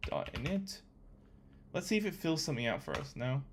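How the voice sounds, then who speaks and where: Excitable young man thinking aloud. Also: on the high side, fairly quick, slight background noise. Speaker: coding vlogger. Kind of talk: casual screen-recorded coding commentary.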